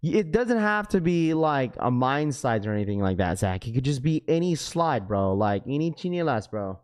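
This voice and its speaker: A young man hosts a live stream and chats casually with his viewers. He rambles, keeps calling people bro, and talks in a smooth, clear voice at an average pitch. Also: sing-song, moderate pace. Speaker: livestream host.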